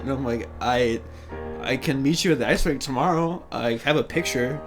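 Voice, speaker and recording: A man's voice: on the high side, animated, normal speed, a bit bright, soft background music. A young man co-hosting a podcast, rambling casually and laughing often. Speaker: podcast co-host. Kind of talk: casual chat.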